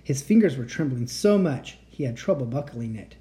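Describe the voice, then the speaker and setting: A woman reading a children's chapter book aloud as a bedtime story, with lively storytelling. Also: moderate pace. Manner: lively storytelling, raising pitch for shouted lines. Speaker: reader.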